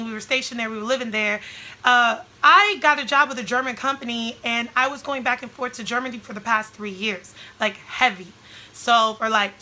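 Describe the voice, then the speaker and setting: A woman vlogging casually to camera, frank and emphatic with rambling asides, her voice slightly hoarse and a little short of breath. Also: fairly high pitch, bright, forceful tone, poor audio.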